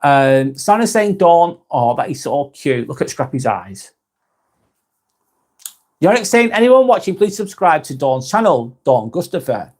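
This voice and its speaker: Slightly high-pitched and sing-song, with a darkish tone and a somewhat slow pace, this northwest English man chats casually on his live stream. He reads out what viewers write and replies warmly.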